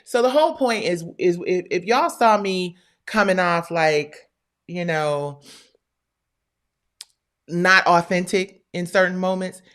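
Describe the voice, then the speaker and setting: With a lowish voice, a slow pace and long pauses, a middle-aged woman recounts a heated personal story on her own show. She's animated and profane as she addresses viewers, slipping into quoted voices.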